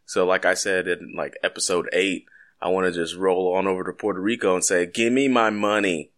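Deep-voiced man joking on a podcast. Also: flat delivery, brisk, a bit bright. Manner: joking, loose, swears casually. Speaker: podcast co-host. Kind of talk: casual chat.

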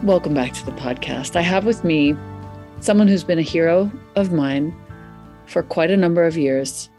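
Effusive woman podcast host, low voice. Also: normal speed, soft background music. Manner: effusive, excitable, riffs casually. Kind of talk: warm podcast interview intro. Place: Santa Fe, US.

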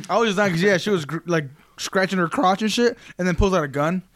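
A man's voice: high voice, brisk, a bit bright, slight background noise. A man co-hosting a casual podcast, loose and profane, often breaking into laughter as he tells stories. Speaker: podcast co-host. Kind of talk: casual chat.

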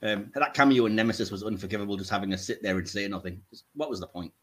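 A man's voice: lowish voice, very fast, husky. A man hosting a casual podcast chat, joking and laughing often as he teases his co-hosts. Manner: jokey, laughs often, teasing. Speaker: podcast host.

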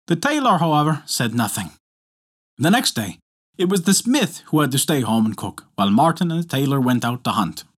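A male storyteller narrates an old folktale with dramatic expression. His voice sits a touch high and swings widely in pitch, pulling the listener along.

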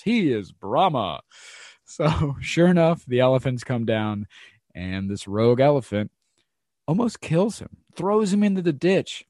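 A man hosting a podcast, telling a story in a loose, chatty way. He trips over his words, fills pauses, and slips into voices for the people in his tale. The sound is close and dry, with no room around it. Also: a little high, dry recording. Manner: animated storyteller, acts out quotes, frequent fillers and restarts; laughs often while talking. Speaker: podcast host. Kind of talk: casual storytelling monologue.

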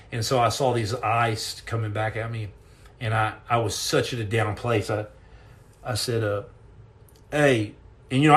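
A middle-aged man hosting a podcast, telling a personal story in an earnest, intense way, halting and repeating words as he goes. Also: medium pitch. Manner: earnest and intense, acts out quoted lines.

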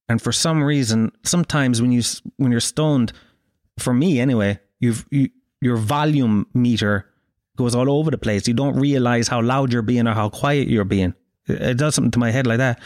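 An Irish man in his thirties telling a profane, animated anecdote in casual chat, acting out the quotes. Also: medium pitch, dry recording, studio quality. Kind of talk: casual storytelling.

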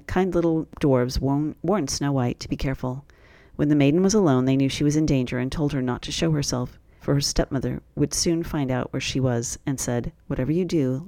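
A man's voice: mid-range voice, no room sound. Man reading a fairy tale aloud. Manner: steady, plain storybook reading. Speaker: storyteller.

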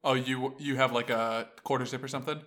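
A man's voice: medium pitch, fairly even intonation, fairly quick, fairly bright tone. A man co-hosting a podcast who teases his friends with playful questions. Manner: teasing, asks playful questions. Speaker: podcast co-host. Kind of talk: casual chat.

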